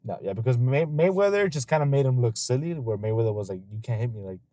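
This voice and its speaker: Podcast host, male, dark mellow tone, dry close sound, swears a lot, loose storyteller. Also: mid-range voice, expressive, quick pace, no room sound. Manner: laughs often. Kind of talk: casual podcast chat.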